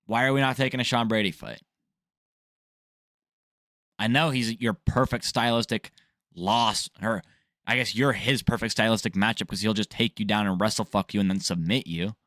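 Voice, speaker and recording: A man's voice: fairly low pitch, moderate pace, pauses often, a bit bright, dry recording, studio quality. A man hosting a sports news vlog, ranting casually in a blunt, jokey, profane way. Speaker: MMA news vlogger.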